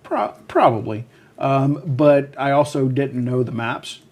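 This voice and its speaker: A man in a casual chat, slowly telling a story about gaming. He hesitates often, filling gaps with ums and starting his sentences over. His voice sits at an ordinary middle pitch.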